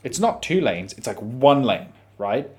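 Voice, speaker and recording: Animated Australian man telling a story. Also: mid-range voice, measured pace, breathy edge. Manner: animated, profane, dramatic retelling. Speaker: podcast host. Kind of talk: casual storytelling monologue.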